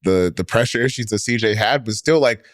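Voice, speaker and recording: A man's voice: fairly low pitch, brisk, dry recording, studio quality. A man co-hosting a sports podcast, talking casually and rambling through his points with lots of fillers. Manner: rambling, heavy on fillers and restarts. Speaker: podcast co-host.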